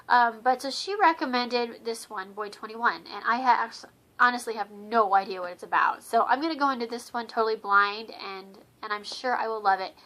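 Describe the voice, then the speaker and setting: Bright, chatty woman vlogger. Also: a little high. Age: adult with children. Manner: chatty and rambling, many fillers and restarts; enthusiastic, repeats words for emphasis. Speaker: book vlogger. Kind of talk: casual vlog chat.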